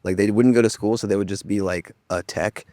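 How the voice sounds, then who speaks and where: A man who co-founded a treatment center, talking quickly and directly in a casual podcast conversation. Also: lowish voice, steady tone, dark tone, no room sound.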